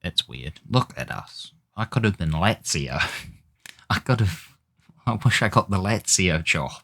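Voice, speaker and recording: A man's voice: sits low, lively intonation, normal speed, creaky, fairly bright tone, slight background noise. A man giving casual gameplay commentary, exasperated and swearing as he mutters at the game. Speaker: gaming YouTuber.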